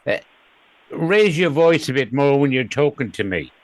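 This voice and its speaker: A man's voice: mid-range voice, big pitch swings, normal speed. A male Australian interviewer who encourages his guest and laughs easily. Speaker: interviewer host.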